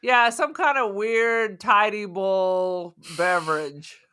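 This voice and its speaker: A woman's voice: medium pitch, slow pace, bright, forceful tone, smooth. A woman co-hosting a podcast, chatting casually about a film in an enthusiastic, playful, teasing way. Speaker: podcast co-host. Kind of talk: casual film review chat.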